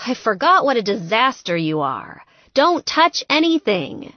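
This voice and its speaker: A woman's voice: a little high, sing-song, no echo, muffled recording, pitched above the performer's own voice. A woman doing a bossy, exasperated friend. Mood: scolding. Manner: brisk, scolding, raised voice.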